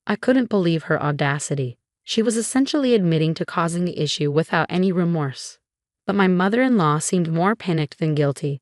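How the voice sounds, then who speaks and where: A woman narrating a first-person family drama story in an even, measured way. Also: fairly low pitch, dry recording, studio quality.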